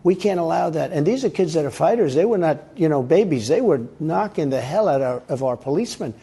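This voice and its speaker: A man in a played interview clip speaking bluntly and repetitively with a gravelly voice. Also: fairly high pitch, lively intonation, brisk, dark tone.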